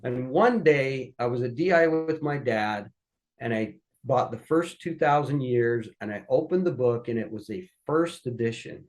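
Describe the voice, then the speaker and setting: A man's voice: mid-range voice, normal speed. A man, a podcast guest, casually telling family stories and animatedly acting out the people he quotes. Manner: animated, acts out quoted voices. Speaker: guest recounting family history. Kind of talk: casual storytelling.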